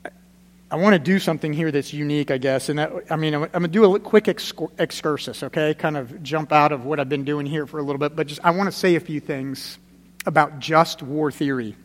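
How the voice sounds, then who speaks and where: A fairly high-voiced man preaches briskly inside a church sanctuary, where a long hall reverb trails off each line. His manner is conversational and pastoral, hitting short phrases again and again before sinking into a hushed, grave register for serious points.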